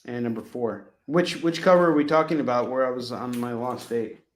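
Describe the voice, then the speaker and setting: A man hosting a casual live shopping stream, pitching comic books with rambling jokes and laughing at himself. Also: steady tone, a little fast, echoey room. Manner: jokey, rambling, laughs at his own jokes.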